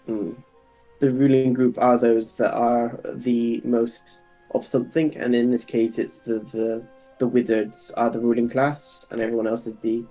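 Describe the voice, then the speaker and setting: A man as game master of a tabletop game, explaining lore with frequent ums and pauses. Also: medium pitch, flat delivery, warm tone, lo-fi sound, faint music behind.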